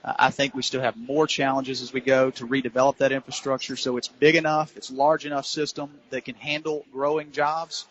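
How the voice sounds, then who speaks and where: A man's voice: medium pitch, level tone, fairly quick, hardly any pauses, a bit bright. A man with a Louisiana accent, a city council candidate answering radio interview questions in an earnest, campaign-style way with frequent fillers. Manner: earnest, campaign-style talk with many "uh"s and "you know"s. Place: cigar shop, live remote broadcast. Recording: dull lo-fi radio broadcast.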